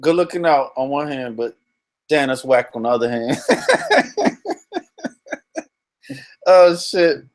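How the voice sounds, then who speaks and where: A man's voice: mid-range voice, huge pitch swings, slow pace, long pauses. A young man chats on a live stream in easygoing slang, with a mid-range voice. He laughs a lot and calls out hellos to viewers as they drop in. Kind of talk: casual live-stream chat.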